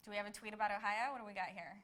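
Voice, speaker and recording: A woman with a bright, forceful voice co-hosts a casual political chat. She talks in a chatty way, with quick reactions and plenty of fillers, and her pitch sits in a middle range. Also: fairly even intonation. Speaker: co-host of a post-debate commentary show.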